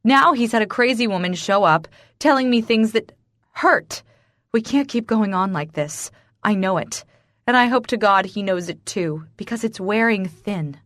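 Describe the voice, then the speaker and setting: A woman's voice: medium pitch, lively intonation, moderate pace, fairly bright tone, no echo. A woman narrating a first-person romance audiobook in a dramatic, emotionally charged way.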